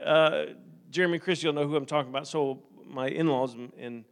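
Male pastor, middle-aged, high voice, casual sermon that builds in fervor. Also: fairly even intonation, brisk, clear, resonant tone. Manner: conversational, building to fervent preaching.

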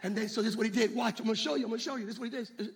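A man preaching a sermon as pastor, swinging between shouted exhortation and hushed asides. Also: extremely high pitch, steady tone, racing, husky.

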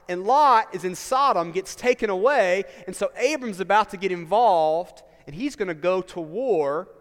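A man's voice: sits high, big-room sound. A male pastor, preaching a sermon in a conversational way, with asides and rhetorical questions.

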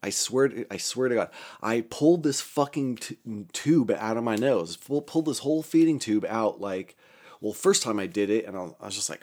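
A man's voice: medium pitch, moderate pace, a little mellow. A young man telling a story in a casual, rambling way, swearing a lot, often breaking off mid-sentence and laughing at his own account while recovering from a stroke.

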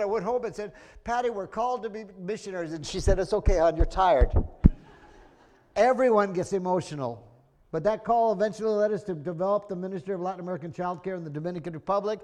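Middle-aged guy preaching, high voice, earnest and emotional, lots of restarts. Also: darkish tone. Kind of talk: sermon.

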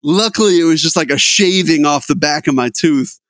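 A young man co-hosting a casual podcast chat, telling stories in an animated, lively way. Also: a little high, normal speed, no room sound, clean studio sound. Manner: animated storyteller. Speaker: podcast co-host.

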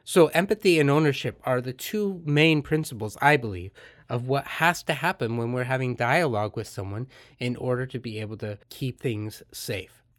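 A middle-aged man hosting a podcast, earnestly explaining ideas in a calm, reflective way and acting out short bits of dialogue. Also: mid-range voice, moderate pace. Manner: earnest, explains calmly, acts out quoted dialogue. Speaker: podcast host and therapist. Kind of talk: reflective solo podcast talk.

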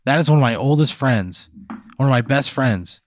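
A man's voice: medium pitch, expressive, normal speed, no room sound, clean studio sound. A man playing along in a comic improvised story, reacting with incredulous, exasperated outbursts and casual swearing. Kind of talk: improvised comedy banter.

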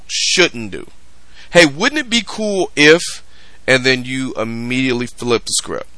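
Bright-voiced man ranting on a podcast. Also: mid-range voice, no echo. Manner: profane, emphatic ranting. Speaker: podcast host. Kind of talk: casual commentary rant.

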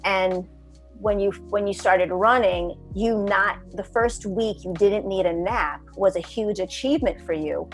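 A woman's voice: medium pitch, measured pace. Woman, interviewer, encouraging, affirming, faint background music. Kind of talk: conversational interview.

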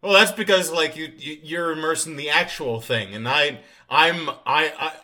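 A man's voice: a little high, moderate pace, bright, forceful tone. A man chatting casually as a podcast co-host, jokey and teasing, sometimes slipping into a mock accent. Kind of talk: casual chat.

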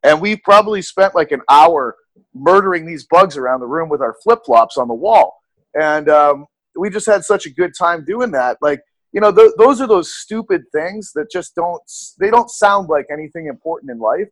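A young man talking as a podcast guest, relaxed and casual, filling his speech with "like" and "you know". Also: a little high, normal speed, no echo. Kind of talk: casual interview chat.

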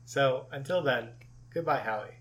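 A man's voice: mid-range voice, fairly bright tone. Chuckling man in casual podcast chat. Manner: chuckles often, halting restarts. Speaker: podcast co-host.

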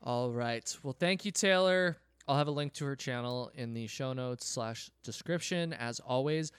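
A man's voice: medium pitch, normal speed, smooth, no echo, studio quality. A man hosting a podcast who chats in an easygoing way, laughs along with his guest and wraps up the episode. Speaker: podcast host. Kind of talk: casual interview chat.

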